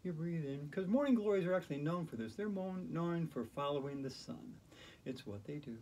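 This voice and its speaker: Mellow playful man guiding yoga. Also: a little high, expressive, fairly quick, a little hiss or hum. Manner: playful, gentle, chatty guiding. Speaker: yoga instructor. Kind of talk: guided yoga instruction.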